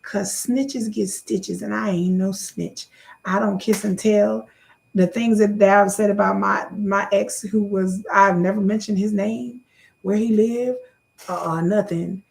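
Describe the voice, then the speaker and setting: A woman talking casually to her own channel's viewers, sassy and joking, repeating herself and jumping high when she gets worked up. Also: fairly even intonation, unhurried, creaky, a little mellow. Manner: sassy, joking, loose and repetitive. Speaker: YouTube creator. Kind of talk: casual chat to camera.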